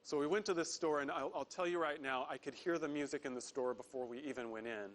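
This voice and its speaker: Earnest male executive presenting on stage. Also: fairly high pitch. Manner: earnest, slows down to stress key words. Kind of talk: prepared corporate presentation.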